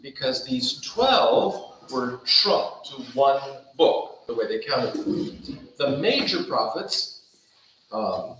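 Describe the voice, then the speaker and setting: A man's voice: medium pitch, slow, a little hiss or hum. Man preaching in an echoey hall. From Taiwan. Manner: conversational, animated, acts out quoted dialogue. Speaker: pastor. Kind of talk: Bible study sermon. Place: church hall.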